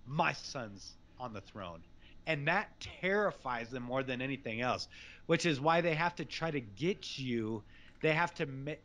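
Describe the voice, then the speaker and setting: A man in the middle of an impassioned religious rant, voice at an ordinary male pitch. He preaches with fervor, piling scripture onto scripture in a rapid torrent. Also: a bit bright. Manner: fervent, preachy, rapid scripture-laden rants. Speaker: guest.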